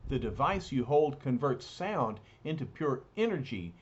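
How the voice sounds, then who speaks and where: A man's voice: mid-range voice, very animated, measured pace, husky. Man putting on a raised, ranting villain warlord. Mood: boastful. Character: ruthless scheming male villain warlord. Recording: dull lo-fi recording.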